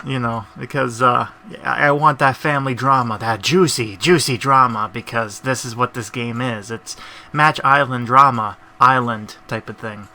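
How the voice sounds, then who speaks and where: A man's voice: medium pitch, moderate pace, vocal fry, bright, forceful tone. Sarcastic, rambling male gaming host. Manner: sarcastic, rambling, laughs at the story. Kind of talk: casual let's-play commentary.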